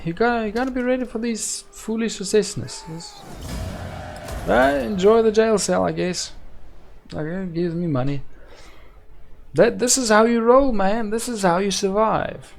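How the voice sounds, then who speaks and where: With a high voice and vocal fry, a man narrates his strategy game as a gameplay host, talking to himself and the audience. Frustrated, he keeps questioning out loud why things don't work.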